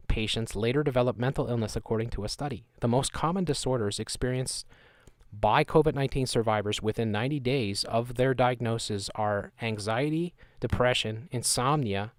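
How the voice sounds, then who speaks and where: Sarcastic male streamer, mid pitch, dry close sound, mocking the news. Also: no room sound. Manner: sarcastic, mocking, chuckling asides. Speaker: live-stream host. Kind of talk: live commentary on news clips.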